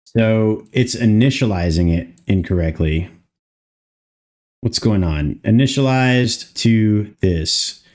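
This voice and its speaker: Thinking out loud while he works on a game mod, this livestreamer mutters, chats loosely, and lets the odd curse slip. He speaks slowly and expressively, his voice on the low side and a touch mellow.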